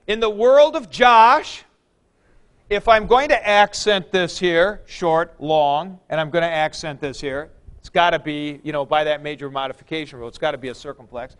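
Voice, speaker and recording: A man's voice: high-pitched, fairly bright tone, clean tone. A man teaching a grammar lecture, explaining step by step with folksy comparisons and frequent check-ins. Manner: plain-spoken, folksy comparisons, checks in with listeners. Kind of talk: classroom lecture.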